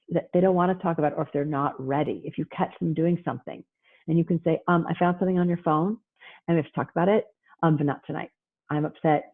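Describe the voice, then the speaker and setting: A woman presenting on parenting in a casual talk over a video call, chatty and acting out parents and kids in quick asides. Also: deep voice, gravelly, slightly rough. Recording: tinny phone-like line.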